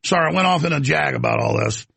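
A man hosting a talk show in a rambling, heated rant, with a gravelly, raspy voice. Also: fairly high pitch, wildly swooping pitch, quick pace, fairly bright tone, no room sound.

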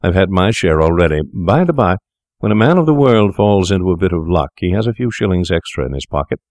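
A man voicing a calm, sinister young male doctor who talks persuasively and lectures his accomplice. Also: sits low, brisk, dry recording, clean studio sound.

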